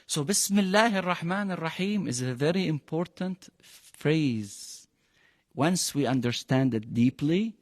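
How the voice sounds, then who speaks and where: Arabic-accented male religious teacher, fairly high voice, lively and questioning, dry sound with a long hall tail. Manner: animated, questioning the class, pitch jumping high for emphasis. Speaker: Quran teacher. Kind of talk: interactive religious lesson.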